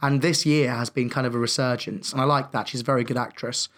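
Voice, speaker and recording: A young man with a mid-pitched voice, reviewing films in a relaxed chat. He talks hesitantly, restarts his sentences and adds fillers, yet he sounds warmly enthusiastic. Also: fast talker. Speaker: film review podcast co-host. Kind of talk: casual chat.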